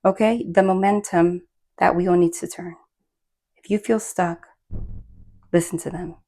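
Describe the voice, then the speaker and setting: A woman gives a casual spoken tarot reading, chatty and rambling with many fillers and restarts. Her lowish voice keeps a measured pace, broken up by bursts of laughter and excited asides.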